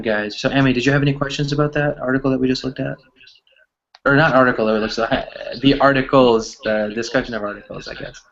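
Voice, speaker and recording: A male English teacher leads a lesson over a video call, walking through examples patiently and checking in with "right?" again and again. His voice sits in a mid range, and the call audio is somewhat dull. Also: mid-range voice. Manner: explains patiently, asks "right?" constantly. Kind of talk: online class teaching.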